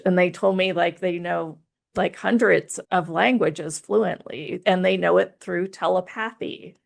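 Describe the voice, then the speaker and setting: A woman co-hosting a spiritual talk show, telling animated stories, laughing often and saying "like" a lot. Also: on the low side, measured pace, vocal fry. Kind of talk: casual spiritual chat.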